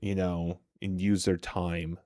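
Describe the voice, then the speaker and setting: A man's voice: deep voice, little pitch movement, takes it slowly, warm tone, dry recording, clean studio sound. A man hosting a livestream, chatting casually with viewers, answering their comments aloud and laughing often. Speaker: livestream host. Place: home streaming setup.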